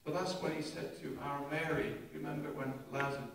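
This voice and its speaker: An older man, preaching a sermon with animated humour, recorded from a distant mic in an echoey church. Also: fairly high pitch, a little fast, gravelly, a little hiss or hum. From England. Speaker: pastor. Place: church hall.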